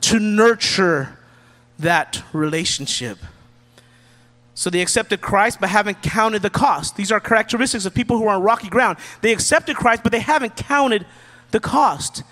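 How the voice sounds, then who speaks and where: High-voiced casual preacher in a reverberant hall. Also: male voice, fairly bright tone. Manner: casual, joking preacher who acts out quotes. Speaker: pastor. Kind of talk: sermon.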